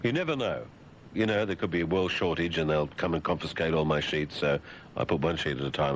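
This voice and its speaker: A man with an Australian accent, a radio host riffing sardonically in a deadpan monologue on a lo-fi broadcast recording. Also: sits low, brisk. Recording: dull lo-fi radio broadcast with faint hiss.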